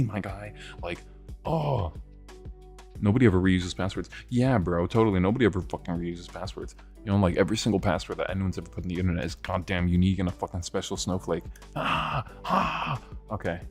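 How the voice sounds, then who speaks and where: A man in his twenties hosting a livestream, ranting excitably with lots of swearing and laughter. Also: low voice, fairly quick, faint music behind. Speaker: livestream host. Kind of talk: livestream rant.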